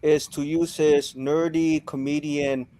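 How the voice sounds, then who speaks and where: A man's voice: fairly high pitch, flat delivery, slow, warm tone, no room sound. Agreeable man hosting a casual panel. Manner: agreeable, fills in with yeahs, stumbles on words.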